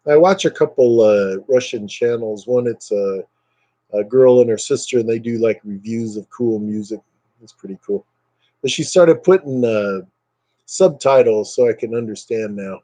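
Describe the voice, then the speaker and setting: A man's voice: mid-range voice, moderate pace, dark tone, dry recording, poor audio. A man chatting casually with live viewers over a webcam at home, joking and sarcastic, rambling from topic to topic. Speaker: live streamer.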